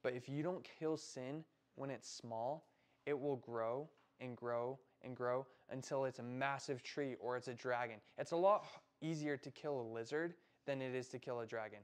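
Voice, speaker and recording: A man's voice: mid-range voice, steady tone, normal speed. A young American man preaching a casual sermon to middle schoolers, talking in a loose, conversational way and often tagging "right?" onto his points. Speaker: youth pastor.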